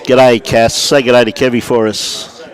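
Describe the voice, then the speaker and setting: An Australian man commentates live lawn bowls indoors at a club at a measured pace and medium pitch. His relaxed call of the play includes greetings to viewers by name.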